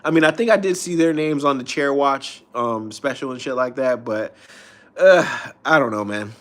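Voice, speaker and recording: A man's voice: mid-range voice, normal speed. A man streaming, ranting in a loose, profane way with frequent restarts. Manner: profane, rambling, restarts often. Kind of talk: casual rant.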